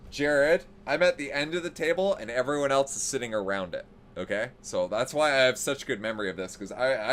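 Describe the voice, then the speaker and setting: A man tells a story in casual, profane chat on a podcast. He is lively and grows excited as he goes, his voice at a middling pitch. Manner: animated, profane, building to excited outbursts. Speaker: podcast host.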